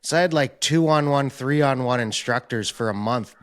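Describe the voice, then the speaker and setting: A man's voice: mid-range voice, moderate pace, clear, resonant tone. A young American man hosts a podcast, his voice sitting right in the middle range. He talks loosely and informally, dropping "like" and "um" as he tells his own story. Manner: relaxed and informal, with frequent fillers like "like" and "um". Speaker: podcast host. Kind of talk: casual interview chat.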